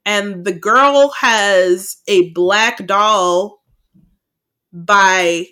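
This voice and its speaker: Animated, swearing woman recapping a movie. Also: mid-range voice, drawn-out words, clear, resonant tone. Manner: animated, profane, quotes her own reactions. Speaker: podcast co-host. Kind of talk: casual movie recap chat.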